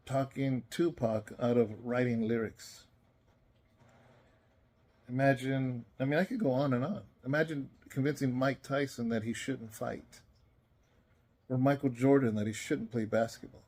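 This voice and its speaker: In a casual spoken devotional message he recorded on his own, a pastor sounds tired and yawns. His voice sits at medium pitch with a darkish tone, and he comes across as earnest, rambling and conversational.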